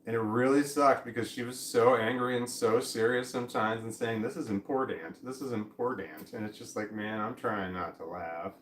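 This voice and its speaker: A middle-aged man vlogs from home in a medium-pitched, fairly bright, steady voice at normal speed, barely pausing as he meanders and interrupts himself with the occasional chuckle. The distant camera mic gives a roomy sound with faint ambience and a little hiss or hum.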